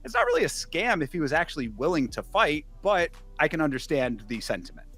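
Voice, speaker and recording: A man with a slightly higher voice co-hosts a casual film review. He retells scenes with dry sarcasm and mock seriousness, chatting easily with his co-host. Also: very animated, fairly quick, fairly bright tone, faint music behind.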